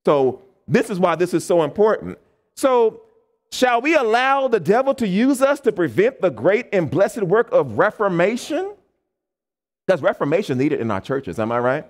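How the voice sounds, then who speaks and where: American male preacher, animated, voice pitched a bit high, talks back and forth with the congregation. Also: normal speed. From United States. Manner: animated, call-and-response questions to the congregation; acts out quoted people in changed voices. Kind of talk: camp meeting sermon.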